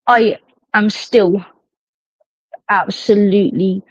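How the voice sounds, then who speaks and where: A woman's voice: mid-range voice, fairly even intonation, slow pace, husky, no room sound. Woman, casual chatter, curses a lot; dry, muffled phone-stream sound. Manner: chatty storyteller, swears freely. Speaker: live stream host. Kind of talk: casual chat. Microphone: phone on a live stream.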